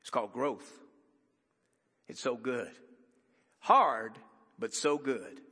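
A man preaching a sermon as pastor, emphatic and conversational with dramatic pauses, in a church sanctuary. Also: medium pitch, sharp tone, breathy edge, big-room sound.

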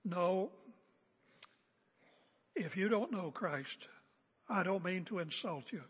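A man's voice: high voice, animated, takes it slowly, fairly bright tone, husky. A man preaching a sermon as a pastor, emphatic and confrontational, hammering home repeated phrases. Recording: echoey hall with long reverb.

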